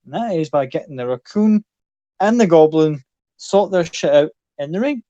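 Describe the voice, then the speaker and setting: A man's voice: on the high side, expressive, moderate pace, dry recording, muffled recording, close to an everyday voice. A man puts on a brash circus ringmaster, all swagger and swearing. He barks at the crowd with a raised, pushy voice. The sound is dry and close. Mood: coaxing. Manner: loud, foul-mouthed and bossy.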